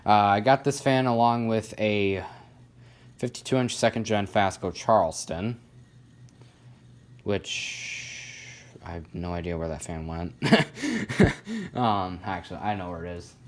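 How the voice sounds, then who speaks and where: A man's voice: on the low side, fairly even intonation, a little slow, long pauses. A man casually narrating a hobby video about a ceiling fan, rambling with lots of fillers and self-deprecating asides. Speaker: ceiling fan collector showing a fan.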